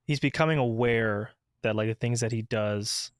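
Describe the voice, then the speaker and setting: A man in a mid-range voice co-hosts a relaxed podcast conversation as a father. He speaks thoughtfully, pausing and restarting his phrases as he works through an idea. The sound is close and dry. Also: medium pitch, smooth, no room sound. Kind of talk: casual conversational chat.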